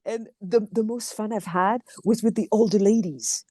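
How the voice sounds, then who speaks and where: A woman from France with a French accent, a voice director and actor talking as a podcast guest in a lively, expressive way, acting out quotes. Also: mid-range voice, normal speed, no room sound, studio quality. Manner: animated, expressive, acts out quotes. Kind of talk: casual interview chat.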